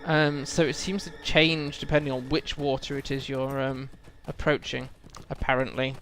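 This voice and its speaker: A man's voice: mid-range voice, flat delivery, moderate pace, a bit bright, a little hiss or hum. A man streaming a game, chatting casually and rambling about lore with lots of fillers. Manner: musing, rambling lore talk with many fillers. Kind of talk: casual live-stream chat.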